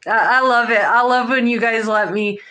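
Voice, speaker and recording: A woman giving a live psychic tarot reading, halting and emotional, close to tears, with many fillers. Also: fairly high pitch, bright, forceful tone, rough recording. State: near tears. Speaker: psychic reader.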